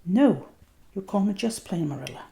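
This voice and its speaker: A woman's voice: medium pitch, expressive, moderate pace, vocal fry, dark tone, pitched above the performer's own voice. Woman voicing a stern, firm spinster. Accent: Danish. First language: Danish. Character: stern but fair middle-aged spinster. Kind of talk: whispered role-play.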